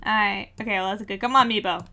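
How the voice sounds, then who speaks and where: A woman playing in a tabletop game, brisk and quick to speak up for her character. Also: mid-range voice, fairly even intonation, pushed and bright. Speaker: player. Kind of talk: tabletop role-play chat.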